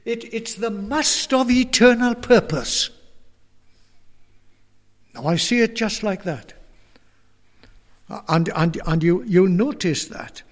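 A man's voice: high voice, expressive, takes it slowly, pauses often, in a large hall. A man from the United Kingdom preaching a sermon in a church, earnest and often repeating words as he builds his point.

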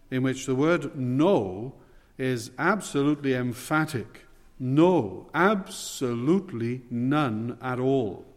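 A man preaching an expository sermon in a measured, earnest way, leaning hard on key words. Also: mid-range voice, long reverb tail.

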